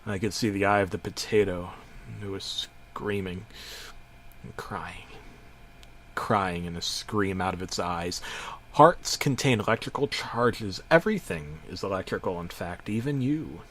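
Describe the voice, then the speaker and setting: A man's voice: deep voice, expressive, measured pace, fairly bright tone, a little hiss or hum. A middle-aged man narrating a parody horror story in a mock-serious way, stumbling over his words. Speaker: creepypasta narrator.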